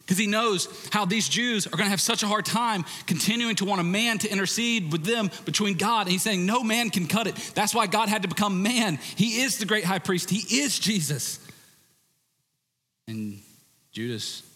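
A male preacher giving an animated, conversational sermon with frequent restarts. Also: high-pitched, moderate pace. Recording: reverberant hall.

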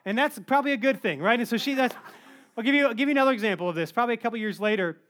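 A man in his thirties preaching a sermon, telling funny stories in an animated, joking way. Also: very high-pitched, very fast. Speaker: pastor.

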